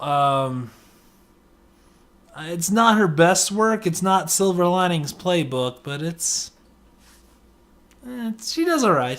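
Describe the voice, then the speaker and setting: A man giving a casual movie review, rambling with many fillers and restarts. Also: fairly high pitch.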